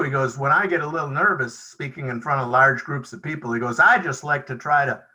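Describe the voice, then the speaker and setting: A man with a medium-pitched, pushed, bright voice shares stories at a recovery meeting held over a video call, and the recording is rough. He's chatty and conversational, acting out the dialogue he quotes.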